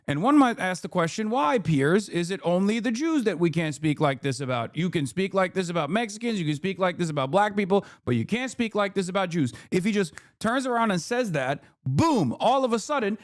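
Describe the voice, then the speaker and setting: A man's voice: sits high, no echo, clean studio sound. A man in his thirties commenting on a debate clip in casual, emphatic, argumentative talk with some swearing. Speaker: streamer reacting to a debate clip.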